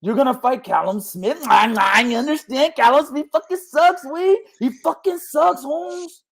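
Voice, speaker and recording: A conspiratorial boxing official who talks low and coaxing, dropping Spanish slang into every sentence, as a man puts him on. The voice stays hushed and scheming throughout. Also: a little slow, gravelly, exaggerated voice.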